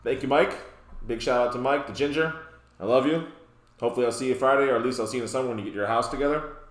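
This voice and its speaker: A man's voice: medium pitch, very fast. Man, middling voice, jokey rambling card game host in an echoey room. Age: adult, past his youth. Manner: joking, rambling asides. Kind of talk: casual deck walkthrough. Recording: roomy echo.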